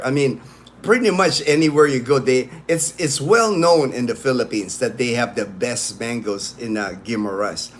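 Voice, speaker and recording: A man hosting a casual livestream, rambling with many fillers and restarts as he greets viewers by name. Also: mid-range voice. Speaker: livestream host.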